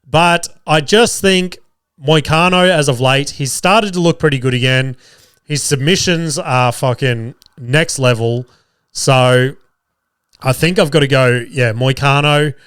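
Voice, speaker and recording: Picking bets on his podcast, an Australian host talks in a measured, smooth, slightly bright medium-pitched voice, rambling, cursing a lot, and stumbling through restarts and fillers while fighting a cough. It's studio-quality audio from a studio mic in a small room, with no reverb.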